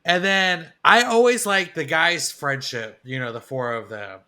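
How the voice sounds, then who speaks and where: Man, podcast co-host, slightly high, bright tone, loose rambling chat. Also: a little slow, clean tone. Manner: rambling, lots of "like" and restarts. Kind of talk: casual chat.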